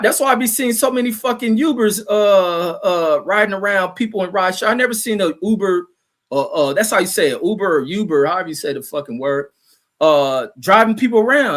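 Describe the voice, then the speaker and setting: Profane, rambling man with a fairly high voice. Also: animated, a little fast, a bit bright. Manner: profane, rambling, many fillers and restarts. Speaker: show host reading live chat. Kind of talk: casual livestream rant.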